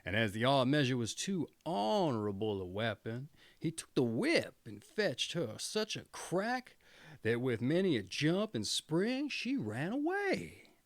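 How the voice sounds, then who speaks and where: Male storyteller, fairy tale read-aloud, very lively pitch, unhurried. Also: dry recording. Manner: expressive, theatrical. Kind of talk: storybook reading.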